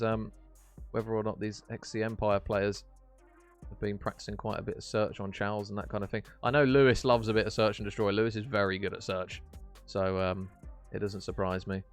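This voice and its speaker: A man casting an esports match on stream, chatty and jokey, chatting warmly with his viewers. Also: lowish voice, little pitch movement, fairly quick, faint music behind. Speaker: esports caster. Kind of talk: casual stream commentary reading chat.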